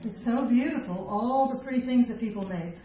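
Speaking a little fast in a voice on the high side, a middle-aged woman gives a live talk to a women's group, chatting, poking fun at herself and laughing between points. The hall echoes, and the distant mic yields dull lo-fi audio with faint noise.

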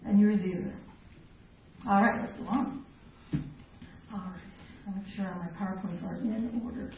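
A woman's voice: mid-range voice, steady tone, moderate pace. A middle-aged woman leading a women's ministry talk, chatty and self-mocking, laughing often between points. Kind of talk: live talk to a women's group. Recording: echoey hall, distant mic, dull lo-fi sound, faint noise.

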